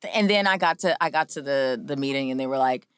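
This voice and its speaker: A woman co-hosting a casual podcast chat, telling an animated story and swearing casually. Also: rumbling low, quick pace, smooth, dry recording, clean studio sound. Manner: animated storyteller who acts out both sides of a dialogue. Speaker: podcast co-host.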